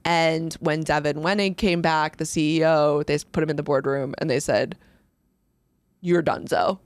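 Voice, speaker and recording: A woman's voice: low voice, steady tone, moderate pace, clean tone, no echo. A woman co-hosting a casual podcast, telling a story in a chatty way, laughing often and acting out quotes. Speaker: podcast co-host.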